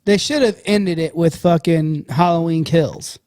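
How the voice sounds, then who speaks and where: A man's voice: fairly high pitch, unhurried, dry recording, clean studio sound. A man co-hosting a casual podcast, talking bluntly and in long rambles, swearing constantly. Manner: animated, profane, blunt, rambling. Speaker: podcast co-host.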